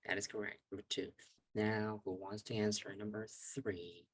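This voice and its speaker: A man teaching an online English lesson on a video call, calling on students and patiently repeating words slowly to drill pronunciation. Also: fairly low pitch, level tone, husky, dry recording, poor audio.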